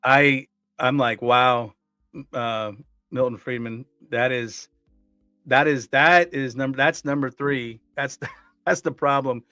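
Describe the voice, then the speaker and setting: A man's voice: mid-range voice, steady tone, takes it slowly, pushed and bright, dry recording, studio quality, faint music behind. A man co-hosting a casual talk show, speaking earnestly and often repeating words as he restarts his sentences. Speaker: co-host. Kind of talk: casual conversational commentary.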